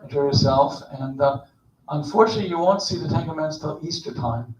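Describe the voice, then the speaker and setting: Animated older man telling a story in a roomy hall. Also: fairly high pitch, a little fast. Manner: storytelling, jokey, animated, acts out voices. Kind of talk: informal sermon. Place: synagogue sanctuary. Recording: roomy, distant, dull recording.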